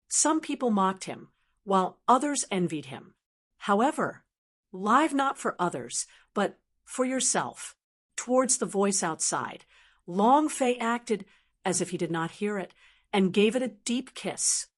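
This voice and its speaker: A woman narrating a translated fantasy novel as an audiobook in a steady reading voice. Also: medium pitch, measured pace. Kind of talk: scripted narration.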